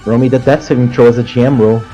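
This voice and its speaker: A man's voice: mid-range voice, fairly even intonation, fast, warm tone, lo-fi sound, soft background music. A man acting as game master, casually directing players in a tabletop game.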